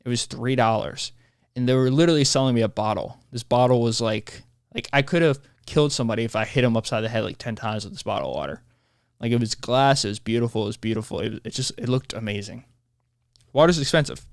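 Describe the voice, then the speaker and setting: A man hosting his own podcast, talking in a rambling, animated monologue that keeps interrupting itself. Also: medium pitch, quick pace, gravelly, no room sound, clean studio sound. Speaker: podcast host. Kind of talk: casual solo podcast monologue.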